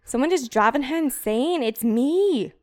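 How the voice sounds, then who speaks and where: A woman reading diary entries in a put-on British accent, voicing a fearful, brooding teenage girl in a slow, earnest, intense way. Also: sits high, animated, no room sound, studio quality, voice pushed up.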